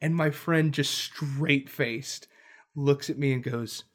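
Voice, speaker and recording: A man co-hosting a casual tabletop game podcast, talking in an animated, rambling way and laughing often. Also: on the high side, slow. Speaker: podcast co-host. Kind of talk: casual chat about tabletop games.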